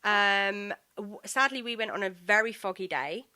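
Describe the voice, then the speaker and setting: A woman hosting a podcast chats with an eager, storytelling manner. Her voice is bright and forward, and it sits in a middle pitch for a woman. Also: animated, moderate pace. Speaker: podcast host. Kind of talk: casual chat.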